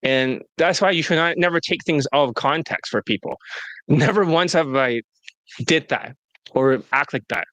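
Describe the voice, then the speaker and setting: A man's voice: fairly high pitch, moderate pace, a bit bright, no echo. A man who is a dating coach hosting a casual interview, talking bluntly with lots of swearing and mockery. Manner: blunt, profane, mocking. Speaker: dating coach and show host.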